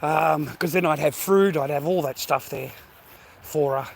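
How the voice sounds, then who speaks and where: A slightly high-voiced Australian man rambles and swears through a casual vlog while walking outdoors. He is a touch breathless from the pace, with faint street noise behind him. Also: a little slow, gravelly. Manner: profane, rambling, blokey slang. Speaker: vlogger. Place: outdoors on foot.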